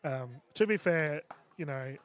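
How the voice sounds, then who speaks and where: A man's voice: fairly high pitch, a little slow, slight background noise. A man commentating sports, bantering and teasing his guest in casual chat. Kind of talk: casual booth chat on a broadcast.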